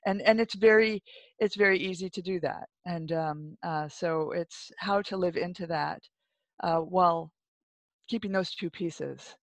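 A speaker in a casual church discussion, earnest and halting, often restarting sentences, heard over a video call. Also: medium pitch, dry recording.

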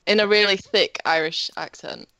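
A woman's voice: medium pitch, fairly even intonation, normal speed, bright, forceful tone, clear, resonant tone, no echo, rough recording. A woman co-hosting a podcast in casual chat, giggly and teasing. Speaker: podcast co-host.

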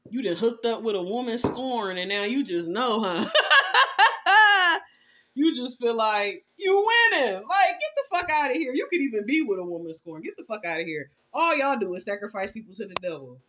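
A woman's voice: fairly high pitch, expressive, brisk, few pauses. Profane, scolding tarot reader woman. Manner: blunt, profane, scolding, laughs often. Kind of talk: casual spoken tarot reading. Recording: slightly dull lo-fi sound.

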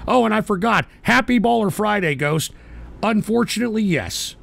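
A man hosting a live stream, yelling and swearing at his audience in an angry political rant on a close mic. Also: high voice, expressive, moderate pace, gravelly. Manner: shouting, swearing, berating his chat. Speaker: host of a live call-in stream show.

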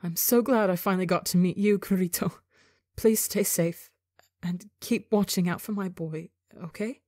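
A woman's voice: on the low side, normal speed, darkish tone, dry recording, clean studio sound, lightly acted. Woman playing a tearful alien mother. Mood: urgent, tearful. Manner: pleading, watery-voiced.

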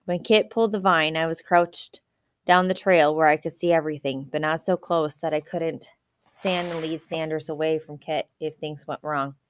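A woman reading a novel aloud in a steady, even storytelling manner. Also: low-pitched, moderate pace, no echo. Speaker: audiobook reader.

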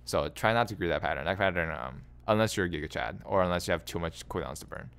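Animated man coaching over gameplay footage. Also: sits low, quick pace, gravelly, smooth. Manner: exasperated, animated, repeats phrases, laughs in disbelief. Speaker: game coach reviewing a player's gameplay. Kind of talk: casual coaching commentary.

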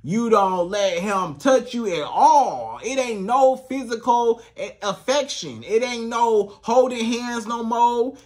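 A man's voice: sits high, fairly bright tone. A man coaching on relationships in a casual, emphatic monologue straight to the viewer, repeating his points. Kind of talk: direct-to-camera advice monologue.

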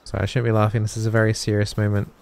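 A man's voice: on the low side, monotone, racing, creaky, darkish tone. A man giving chatty, playful let's-play commentary with mock-solemn asides. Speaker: gaming YouTuber.

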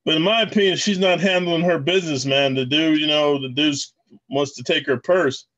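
A man's voice: on the high side, moderate pace, fairly bright tone, muffled recording. A man talking casually to his viewers in a rambling way, commenting on video clips he plays. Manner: rambling, addresses viewers as guys. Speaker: channel host.

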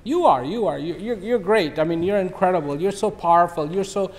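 A fawning hippopotamus, played by a man telling a fable heaps on eager praise. The words tumble out gushing and flattering, in a fairly high voice. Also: a little fast, natural voice.

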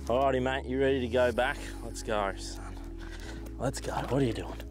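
An Australian man giving casual, excitable running commentary while fishing outdoors, swearing freely and talking to the fish. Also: medium pitch, moderate pace, over music. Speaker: fishing vlogger.

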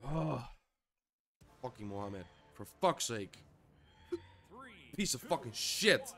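Young guy cursing at his game, slow talk but voice jumps all over, mutters to himself. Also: mid-range voice, big pitch swings, bright, forceful tone, soft background music. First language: Dutch. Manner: frustrated, swears constantly. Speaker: gamer. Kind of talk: live gameplay commentary.

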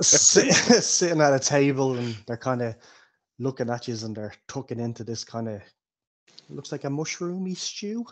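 A man running a tabletop game as game master, narrating in a relaxed, rambling way. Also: mid-range voice, normal speed. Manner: relaxed, rambling with fillers like "kinda".

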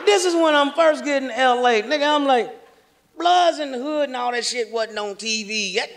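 A man from Kansas City performing a profane stand-up comedy set, telling stories loudly and acting out the other people in them. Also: very high voice, moderate pace. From Kansas City, Missouri. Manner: profane, loud storytelling with acted-out voices. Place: comedy stage before a large audience. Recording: live stage mic with a laughing crowd.

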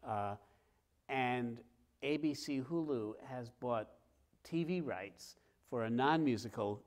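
A middle-aged author talking with a host before a live theater audience, telling stories in a lively way and acting out scenes. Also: male voice, medium pitch, takes it slowly. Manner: lively, acts out scenes with sounds and quoted voices. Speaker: author guest. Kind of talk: animated storytelling in conversation.

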